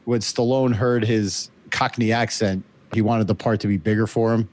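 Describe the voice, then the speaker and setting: Relaxed, low-voiced man chatting about films. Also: moderate pace. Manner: relaxed, conversational. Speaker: podcast guest. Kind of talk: casual film-review chat.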